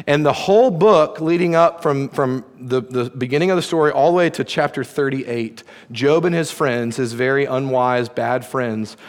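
A man delivering a sermon from the pulpit, animated and playfully sarcastic as he acts out the story. His voice sits in a middle register and carries a long reverberant tail from the hall around him. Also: mid-range voice. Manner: animated, playful sarcasm when quoting God. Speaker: pastor.

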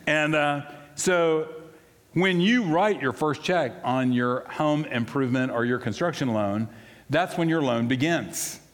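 Male pastor, mid-pitched, conversational storyteller, recorded in a reverberant church hall. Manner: storytelling, conversational, swings between loud and hushed. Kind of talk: sermon.

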